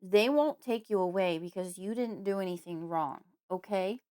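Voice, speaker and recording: A woman's voice: medium pitch, moderate pace, clear, resonant tone, natural voice. A woman voicing a worried father who comforts his daughter and calls out desperately in an audiobook. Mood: anxious. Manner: pleading, loud calls. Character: worried grieving father, tender then desperate. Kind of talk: audiobook character voice.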